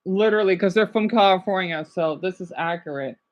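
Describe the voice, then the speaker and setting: Rambling, excitable American woman streamer. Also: fairly low pitch, brisk, muffled recording. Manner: rambling, excitable, chatty with viewers. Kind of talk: casual reaction stream chat.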